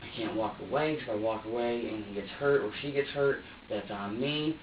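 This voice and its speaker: A suspect in an interrogation room answers police questions in a mid-range male voice at a moderate pace, rambling, repeating himself and acting out what he said. The recording is echoey, distant and dull lo-fi, with a little hiss or hum.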